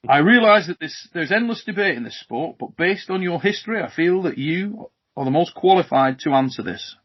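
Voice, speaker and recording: British man, podcast host, high animated voice, husky, muffled call audio. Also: brisk. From Britain. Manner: lively, jokey, reads out viewer questions. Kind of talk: casual podcast chat.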